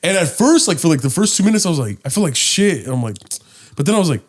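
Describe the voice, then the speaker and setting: Recorded at home, this podcast co-host is a young man whose voice sits on the high side and moves fast. His story is casual and lively, peppered with swearing, and he performs the quoted lines in different voices.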